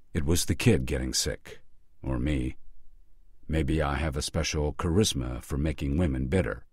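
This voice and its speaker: A man's voice: a bass voice, slightly rough, dry recording, clean studio sound. A man narrating a first-person audiobook in a wry, conversational way.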